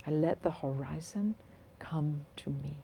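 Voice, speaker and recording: A woman voicing a calm older female qigong teacher, speaking slowly in a serene, low murmur. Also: vocal fry, a little hiss or hum.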